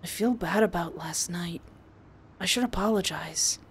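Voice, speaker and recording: A woman's voice: lowish voice, unhurried, heavy background noise, pitched below the performer's own voice, lightly acted. A woman reading the lines of a troubled young man who is withdrawn and guilt-ridden, in a subdued way. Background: game music.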